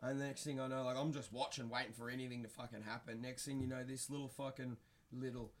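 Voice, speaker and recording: A young man telling a story in casual podcast chat, animated and swearing constantly. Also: medium pitch, fast. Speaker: podcast co-host.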